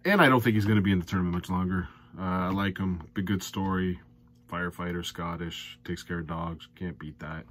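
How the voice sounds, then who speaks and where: A man's voice: steady tone, brisk. A man with an exasperated, ranting manner, giving darts predictions and betting picks as a host. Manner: ranting, exasperated, loud and high when worked up. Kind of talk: sports betting commentary.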